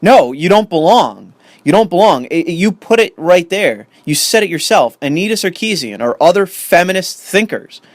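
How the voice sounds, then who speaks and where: A man's voice: a little high, dry recording. A young man ranting in commentary, profane and sarcastic, reading an article aloud and arguing with it. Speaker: commentary host.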